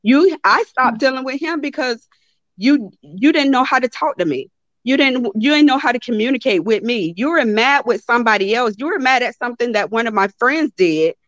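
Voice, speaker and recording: A woman's voice: a little high, normal speed, no echo. Blunt, emphatic woman with a lo-fi sound. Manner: animated, emphatic, blunt, swears freely. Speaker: host of a live talk stream. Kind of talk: casual storytelling to a live audience.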